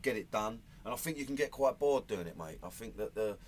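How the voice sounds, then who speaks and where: A man's voice: lowish voice, animated, a little fast, slight background noise. A man with a Cockney London accent chatting in an interview, blunt and matey, full of "you know" and "man". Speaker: actor being interviewed. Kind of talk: casual interview chat.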